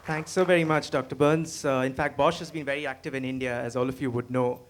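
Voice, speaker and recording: A man's voice: medium pitch, fairly even intonation, fast, a little hiss or hum. Man moderating a conference session. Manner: courteous, hesitant with fillers. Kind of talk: introducing speakers.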